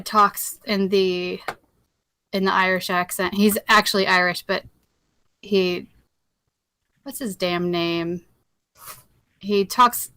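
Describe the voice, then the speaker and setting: A woman's voice: medium pitch, bright, forceful tone, dry recording. A woman chatting casually on a group video call, rambling and laughing often.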